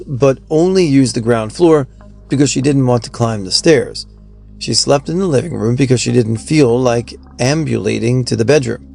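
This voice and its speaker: A man reading out forum stories in an even, steady scripted narration. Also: medium pitch, creaky.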